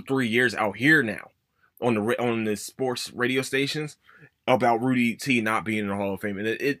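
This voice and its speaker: A man hosting a casual sports podcast, ranting emphatically with plenty of swearing and sudden high-pitched emphasis. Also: sharp tone, no room sound, studio quality. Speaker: podcast host.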